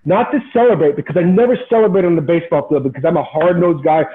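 A high-voiced man in his forties tells a story with driving, motivational intensity. His sound is thin and tinny, as if it came over a phone line. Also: fast talker, a crowd in the background. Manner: animated, intense, motivational, repeats words when excited. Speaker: podcast guest, former pro baseball player. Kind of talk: storytelling in casual interview.

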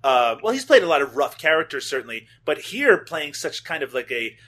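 A man's voice: a little high, big pitch swings, fairly quick, a bit bright. A man hosting a casual podcast discussion, steering the talk and putting questions to his co-hosts. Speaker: podcast host.

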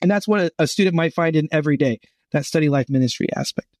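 A man's voice: on the high side, quick pace, no echo, clean studio sound. A middle-aged man, a guest on a podcast interview, telling stories with energy and acting out the voices of the people in them. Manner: animated storyteller acting out quoted voices. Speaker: guest speaking for a Christian gap year college.

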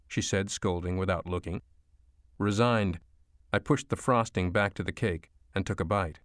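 A man narrating an audiobook in the first person at a measured, steady pace. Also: low-pitched, clean tone, no room sound, clean studio sound. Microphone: studio mic.

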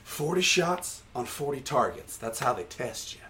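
A man co-hosting a podcast, telling stories loudly with frequent laughter in casual banter. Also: mid-range voice, big pitch swings, moderate pace, a little hiss or hum. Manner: loud, laughing, storytelling. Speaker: podcast co-host.

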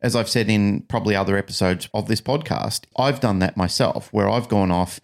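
A man with a fairly low voice co-hosts a casual podcast with his wife. He talks in an animated, emphatic way and builds his points with repeated phrases. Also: brisk, creaky. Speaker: podcast co-host.

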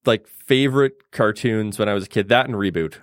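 A man's voice: fairly low pitch, a little fast, dry recording, studio quality. A man co-hosting a casual chat, talking eagerly about the cartoons he grew up with. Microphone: phone speaker pointed into the mic at times.

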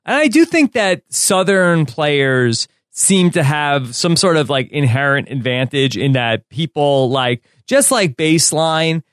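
A man's voice: on the high side, expressive, a little slow, hardly any pauses, a bit bright, no echo, clean studio sound. A man hosting a casual podcast chat, giving short replies and joking asides. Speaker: podcast host.

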